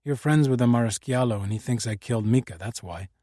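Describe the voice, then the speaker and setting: A man's voice: medium pitch, quick pace, warm tone, no echo, clean studio sound, lightly acted. A man voicing a slurred, bitter young woman. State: slightly slurred. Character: beautiful troubled young woman, drugged.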